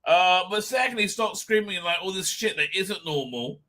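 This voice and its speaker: A man's voice: high voice, lively intonation, moderate pace, pushed and bright. A man hosting a live stream, rambling crudely and laughing often between his own remarks.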